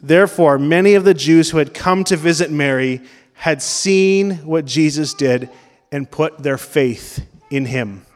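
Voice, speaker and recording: High-voiced male pastor in a reverberant hall. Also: a little slow. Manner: conversational preaching, questions the congregation. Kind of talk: sermon. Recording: long reverb of a large hall.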